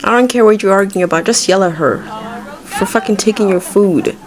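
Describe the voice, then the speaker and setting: A woman's voice: mid-range voice, brisk. Chatty woman narrating her gameplay. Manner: chatty, rambling, swears freely. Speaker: gaming video creator. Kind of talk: casual let's-play commentary.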